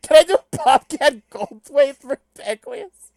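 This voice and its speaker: A woman streamer reading a webcomic aloud, chatting in a giggly, lively and self-deprecating way. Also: sits high, takes it slowly, creaky, dry recording. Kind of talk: casual chat on a live stream.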